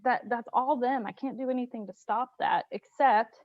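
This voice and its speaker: A woman's voice: fairly high pitch, fairly even intonation, moderate pace, no room sound. A woman hosting an interview, talking bluntly and frankly in a casual way. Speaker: host. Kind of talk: candid interview talk. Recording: dry, slightly muffled lo-fi audio.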